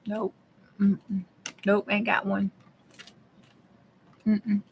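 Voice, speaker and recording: A woman's voice: medium pitch, completely flat delivery, extremely slow, creaky, slight background noise. Lady crafting and chatting w her viewers, folksy and easygoing. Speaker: craft vlogger. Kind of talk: casual chat while crafting.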